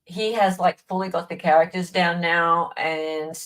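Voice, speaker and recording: A woman's voice: on the low side, fairly even intonation, a little slow, a bit bright, rough recording. A woman with an Australian accent hosting a casual livestream, chatting and answering viewers' comments by name. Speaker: livestream host. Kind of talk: casual live-stream chat.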